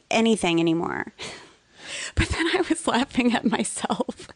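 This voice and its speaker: An animated woman spins a story in casual talk, acting out each voice she quotes and climbing to near-shouting when it gets heated. Her voice is dry and close, with no room around it. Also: on the high side, measured pace, no room sound. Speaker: guest author.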